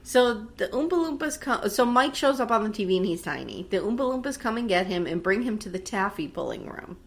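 A woman co-hosting a casual chat, retelling a movie with lively acted-out voices and frequent swearing. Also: mid-range voice, a little fast. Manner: animated storyteller acting out movie scenes, swears freely. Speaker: podcast co-host.

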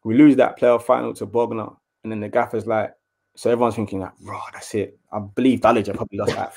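Young man, casual storyteller, lively and chatty, a former footballer's interview voice. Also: fairly low pitch, vocal fry. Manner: animated storyteller, acts out quotes in a raised voice.

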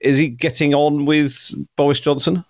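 In a dry recording, a podcast host asks interview questions that are long and conversational, wandering a while before they land. His voice is fairly high and level in tone, at a moderate pace.

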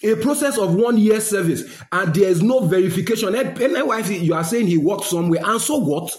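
A fired-up Nigerian man scolding and railing, his voice sitting high. He drops into Pidgin now and then. It sounds like an echoey room. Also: animated, fairly quick, darkish tone. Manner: indignant, scolding, mixes Pidgin phrases. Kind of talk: angry political rant.

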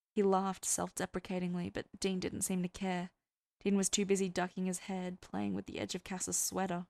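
A woman who hosts a podcast, narrating fan fiction in a soft, even storytelling way. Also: on the low side, moderate pace, creaky. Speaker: podcast host and reader.

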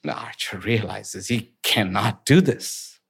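A man telling parable stories in an animated, conversational way, with casual fillers. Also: fairly low pitch, slow pace, creaky. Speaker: speaker. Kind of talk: storytelling talk.

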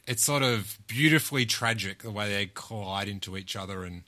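An interview host chatting warmly and teasing a guest, enthusiastic and playful. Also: low voice, brisk, dry recording. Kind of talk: casual interview chat.

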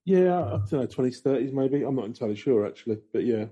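A man's voice: medium pitch, lively intonation, fast, dark tone, breathy edge, muffled recording. A man co-hosting a podcast with a slight frog in his throat, telling stories in a wry, sardonic way. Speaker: podcast co-host. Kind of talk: casual banter.

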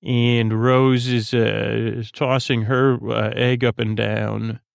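A man's voice: mid-range voice, flat delivery, slow pace, creaky, smooth, dry recording. A man hosting a sleep podcast, recapping an episode in a meandering, filler-heavy way. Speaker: podcast host.

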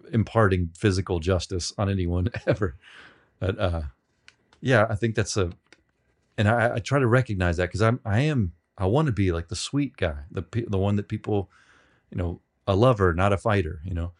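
A man being interviewed on a podcast, telling rambling, self-deprecating stories with many halting restarts. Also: sits low. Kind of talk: casual storytelling.

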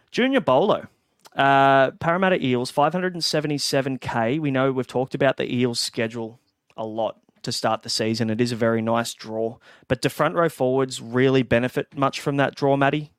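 A man hosting a casual fantasy sports podcast, relaxed and passing questions to his co-hosts. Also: medium pitch, normal speed, smooth, no room sound, clean studio sound. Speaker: podcast host.

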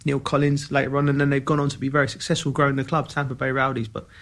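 Gravelly man. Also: mid-range voice, rapid-fire. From Kentish Town, London. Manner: lively storyteller who acts out quoted dialogue. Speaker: podcast co-host, former footballer. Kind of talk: casual podcast chat.

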